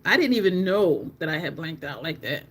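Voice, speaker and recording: A woman vlogger chatting casually while doing her makeup, telling a story in an animated way, swearing often and jumping to high squeaks when she quotes herself. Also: brisk, breathy edge. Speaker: beauty vlogger.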